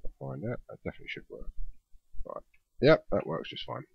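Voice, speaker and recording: A man's voice: medium pitch, wildly swooping pitch, a little fast, vocal fry, slightly rough, no echo, highs cut off. A man hosting a let's play, chatting casually and thinking aloud as he builds in a game.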